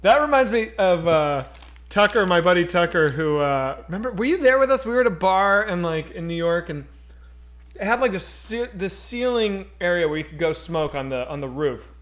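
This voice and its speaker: Animated man telling stories on a stream. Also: high voice, normal speed. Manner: animated, acts out quoted voices, swears freely. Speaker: podcast co-host. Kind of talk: casual storytelling chat. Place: home streaming setup.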